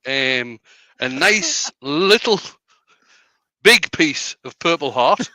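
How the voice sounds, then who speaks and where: Bright-voiced easygoing stream host. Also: male voice, on the high side, lively intonation, slow, no echo, poor audio. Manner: easygoing, explains steps as he works. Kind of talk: live stream chat while woodturning.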